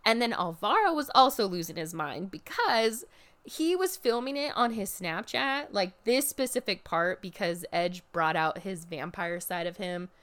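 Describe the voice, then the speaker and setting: With lively intonation and a slightly bright medium-pitched voice, a woman unhurriedly recounts a wrestling event on her podcast. The telling is casual and profane, loaded with fillers and acted-out lines.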